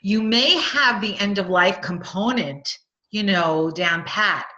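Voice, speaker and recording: A woman's voice: medium pitch, takes it slowly, pushed and bright. A middle-aged woman with a Long Island accent, answering a question as host of a webinar on nurse coaching, chatty and encouraging. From Long Island, New York. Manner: chatty, encouraging, with frequent fillers and laughs. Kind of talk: casual webinar Q&A. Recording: lo-fi webinar audio.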